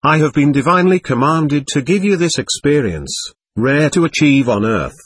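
A man reading the lines of a calm elderly male guru in an audiobook, even and unhurried. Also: fairly high pitch, breathy edge, no echo. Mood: serene.

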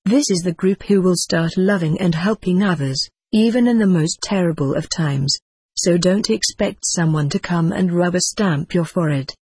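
A text-to-speech voice reading the lines of a calm female extraterrestrial teacher in an audiobook, with a flat, even synthetic delivery. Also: medium pitch, moderate pace, breathy edge, no room sound, close to an everyday voice.

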